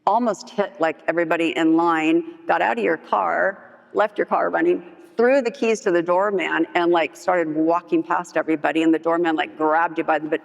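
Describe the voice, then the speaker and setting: A woman's voice: normal speed, gravelly. A woman sharing her recovery story at a meeting, casual and candid, with lots of "like" fillers and playful acted-out dialogue. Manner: animated storyteller who acts out others' lines in a higher voice; frequent "like" fillers, candid and humorous. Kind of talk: personal testimony at a recovery meeting. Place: large meeting hall with long reverb. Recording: reverberant hall recording.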